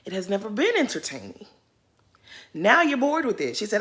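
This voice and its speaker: A woman's voice: mid-range voice, moderate pace. A woman giving casual, shady commentary on a reality show, ranting with sass. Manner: sassy, shady, animated ranting.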